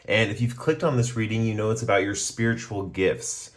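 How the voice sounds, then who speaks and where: A man with a hoarse voice after a cough, giving a relaxed, rambling tarot reading with many pauses and ums. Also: lowish voice. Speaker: tarot reader. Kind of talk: casual pick-a-card tarot reading.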